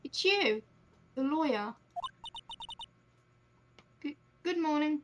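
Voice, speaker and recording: A woman's voice: animated, takes it slowly, dull audio. A woman reading a weary young murder suspect. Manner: soft, hesitant reading of game dialogue. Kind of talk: reading game lines aloud on stream. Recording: noisy low-quality mic.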